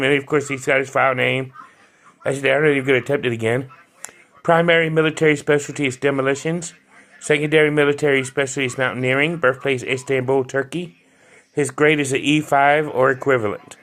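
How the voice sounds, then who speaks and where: A man's voice: mid-range voice, fairly bright tone. A man in a casual review, chatting as he reads from a toy's card and brushing off his own stumbles over words. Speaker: toy collector reviewing an action figure.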